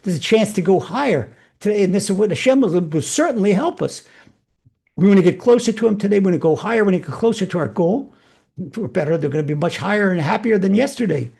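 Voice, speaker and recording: A man's voice: high voice, expressive, quick pace, vocal fry, dark tone, breathy edge. A man speaking as a rabbi, giving an earnest spiritual sermon and repeating phrases for emphasis.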